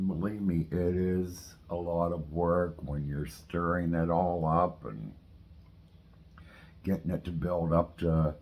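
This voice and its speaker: A man hosting a home cooking video, chatting casually while he tastes his dessert. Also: sits low. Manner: chatty, relaxed, tasting while talking. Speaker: cooking channel host.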